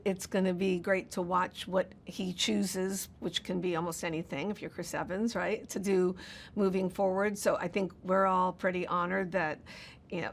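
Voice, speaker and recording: A woman's voice: on the low side, a little hiss or hum. A woman film producer talking casually in a press interview, rambling with many fillers and restarts.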